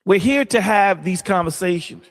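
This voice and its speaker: A man who is a pastor, explaining his side in a casual debate with a measured, dryly sarcastic manner. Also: high voice, expressive, in a large hall. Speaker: pastor guest.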